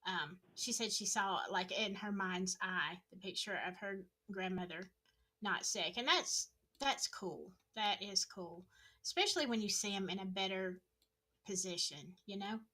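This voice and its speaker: Bright-voiced chatty woman host. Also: mid-range voice, a little slow. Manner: chatty, laughs easily, reads viewer questions. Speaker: livestream host; healthcare worker. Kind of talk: casual interview chat.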